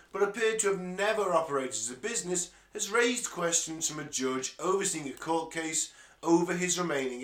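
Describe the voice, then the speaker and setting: A man's voice: fairly high pitch, a bit bright. A man co-hosting a casual podcast, laughing often and swearing freely while reading out news stories. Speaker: podcast co-host. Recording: roomy echo.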